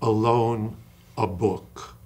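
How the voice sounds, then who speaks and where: An older man, an acting coach, talking in an interview with passion and slowing down to stress single words. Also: on the low side, fairly even intonation, darkish tone. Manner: passionate, emphatic storyteller who acts out quoted dialogue. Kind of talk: interview conversation.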